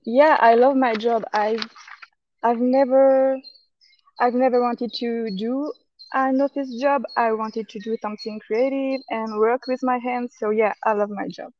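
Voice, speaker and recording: A woman's voice: fairly high pitch, fairly even intonation, measured pace, highs cut off, slight background noise. A woman from France with a French accent, a jeweler answering interview questions hesitantly in English, searching for words, recorded outdoors in a park. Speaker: guest, jeweler. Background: birdsong.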